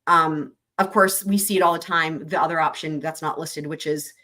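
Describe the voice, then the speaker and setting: A woman hosting a livestream reads legal text and trial commentary aloud, then breaks off to chat, explain, and answer viewer comments. Her voice is low, steady and sharp, at a moderate pace.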